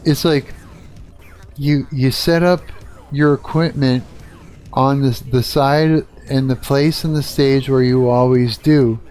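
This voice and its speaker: A man's voice: mid-range voice, steady tone, slow, a little mellow, faint music behind. A middle-aged man from Canada, a guitarist hosting a live stream, talking bluntly and swearing a lot in a casual rant. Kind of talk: casual ranting chat.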